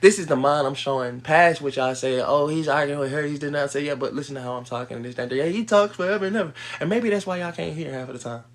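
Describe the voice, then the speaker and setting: A man on a livestream, ranting in a heated, profane way, dropping to low mutters and then breaking into loud outbursts. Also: fast, few pauses. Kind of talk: livestream rant.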